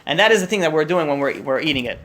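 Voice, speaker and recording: A man teaching through stories, talking fast and excitedly, acting out the quoted lines and often restarting his sentences. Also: fairly high pitch, a little hiss or hum. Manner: animated, acts out quotes, many restarts. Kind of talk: storytelling lesson.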